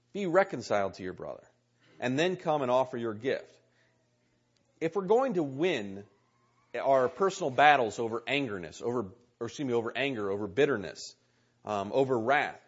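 A man's voice: medium pitch, husky. A man preaching a sermon in earnest, repeating key words and reading scripture aloud. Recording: muffled lo-fi recording.

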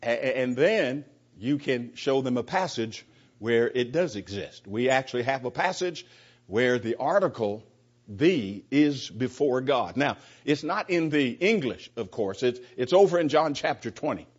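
Man, preacher, sermon-style Bible teaching, husky voice, slightly high, conversational, muffled recording. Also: expressive, a little slow. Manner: conversational, repeats words, acts out both sides of an exchange.

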